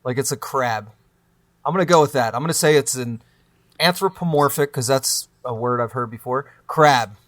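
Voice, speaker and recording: A man's voice: mid-range voice, moderate pace, no room sound. A man riffing as a panelist on a comedy improv game show, rambling and silly with lots of fillers.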